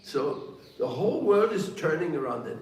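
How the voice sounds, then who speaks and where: A man giving a sermon as a spiritual teacher, telling stories playfully with laughter and quick mock voices. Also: fairly high pitch, sing-song, a little mellow. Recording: roomy echo, heard from a distance.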